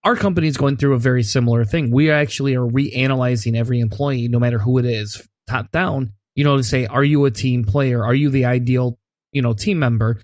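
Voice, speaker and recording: A man's voice: mid-range voice, steady tone, brisk, no echo, clean studio sound. A man co-hosting a podcast, chatting in an easygoing way with lots of asides. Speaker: podcast co-host. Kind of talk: casual chat.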